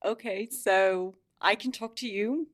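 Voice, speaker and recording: A woman's voice: mid-range voice, measured pace. A woman playing in a tabletop game, talking in character with earnest hesitation. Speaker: player. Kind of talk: tabletop role-play in character.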